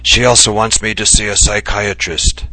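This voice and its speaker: A man's voice: on the low side, steady tone, moderate pace, sharp tone, no room sound. A man voicing an impish, ailing older male writer who talks with mock seriousness and breaks into coughing bouts, in a dry recording. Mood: musing.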